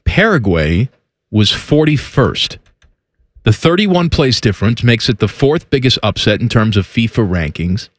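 A man's voice: mid-range voice, very animated, measured pace, no echo. A man co-hosting a casual sports talk show, joking around and reading stats aloud in a rambling way. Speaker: co-host.

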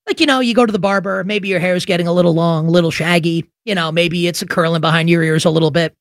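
A man's voice: sits high, fairly quick, a bit bright, no room sound, studio quality. A man hosting a sports radio show, ranting emphatically and sarcastically, throwing out rhetorical questions. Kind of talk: opinionated sports talk radio monologue.

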